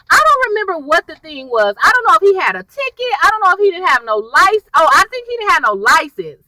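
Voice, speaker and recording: A young woman chatting casually as she recaps a TV episode, full of slang, who acts out the characters' lines in quick exaggerated voices. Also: very high voice, recorded from a distance, rough recording. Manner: chatty and animated, lots of slang and y'all. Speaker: TV recap vlogger.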